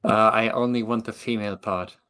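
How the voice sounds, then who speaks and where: A man with a German accent chatting casually as a remote guest, halting with many fillers and dry humor. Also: lowish voice, steady tone, sharp tone, clear, resonant tone. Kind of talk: casual chat.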